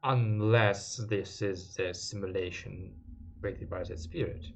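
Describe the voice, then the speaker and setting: A man as a formal, measured NPC. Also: low-pitched, fairly even intonation, creaky, faint music behind, full character voice. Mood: ominous. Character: polite, wary male NPC speaking with the party.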